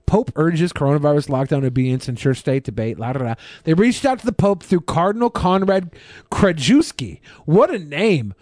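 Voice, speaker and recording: Jokey higher-voiced male co-host. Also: animated, normal speed, darkish tone, no room sound, clean studio sound. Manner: jokey, stumbles over words while reading. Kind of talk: casual podcast banter, reading news aloud.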